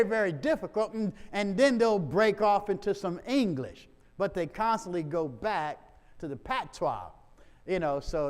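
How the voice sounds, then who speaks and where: A man's voice: fairly high pitch, darkish tone, clean tone. A male pastor giving a chatty mission trip report to his congregation, with laughing asides. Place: church sanctuary. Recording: long church reverb.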